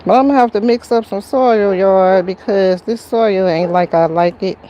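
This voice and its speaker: A woman's voice: medium pitch, moderate pace, warm tone, a little hiss or hum. A woman hosting a live gardening stream, chatting casually with viewers and greeting them by name as she pots a plant outside. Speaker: gardening livestream host. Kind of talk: casual live-stream chat while potting. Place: outdoor garden near a road.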